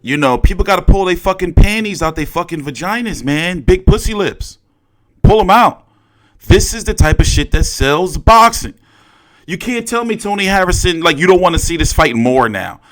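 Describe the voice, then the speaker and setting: A young man talking through a boxing press conference in loose, profane chat, his pitch sitting a little high and swinging widely. He gets carried away and breaks into loud, excited outbursts. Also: normal speed. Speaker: boxing commentator. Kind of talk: casual reaction commentary.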